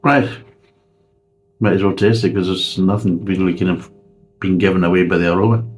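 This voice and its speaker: A man's voice: low-pitched, fairly even intonation, brisk, poor audio. A man reviewing a beer in a casual, sweary, ranting way.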